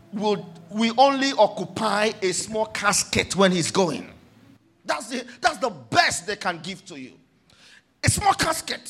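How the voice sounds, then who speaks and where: A man preaching a sermon, swinging between quiet reflection and fervent shouts. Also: extremely high pitch, slightly rough.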